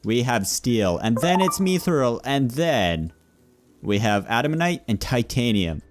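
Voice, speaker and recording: A man's voice: medium pitch, very animated, measured pace, music in the background. A young man giving playful let's play commentary, chatting with game customers like a shopkeeper. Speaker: gaming YouTuber.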